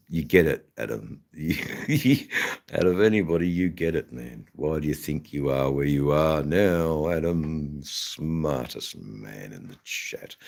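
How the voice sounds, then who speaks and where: A man with an Australian accent, hosting a casual livestream chat and rambling with many hesitations and fillers. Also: deep voice. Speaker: channel host.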